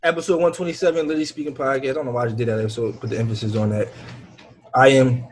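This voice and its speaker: A man's voice: medium pitch, steady tone, rapid-fire, a little hiss or hum. A man hosting a podcast in casual, slangy chat, often repeating himself. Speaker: podcast host.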